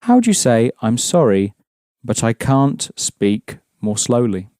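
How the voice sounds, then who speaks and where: A man's voice: medium pitch, sing-song, takes it slowly, dark tone, no room sound, clean studio sound. A man teaching a language lesson, explaining patiently and prompting his students with questions.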